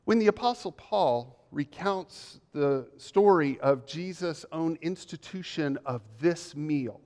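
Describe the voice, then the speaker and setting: A male pastor delivers a measured, emphatic sermon full of repeated phrases. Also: fairly high pitch, lively intonation, darkish tone. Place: church sanctuary. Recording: long reverb of a church hall.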